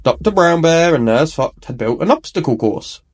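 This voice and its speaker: A man reading a children's picture book aloud, his fairly high voice bouncing through lively rises and falls. The delivery is expressive and warm-hearted in pace, made for young listeners. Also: normal speed. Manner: animated, expressive. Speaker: storyteller.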